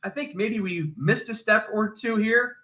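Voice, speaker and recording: A man's voice: sits high, unhurried, sharp tone. A male co-host making dry, wry comments in casual chat.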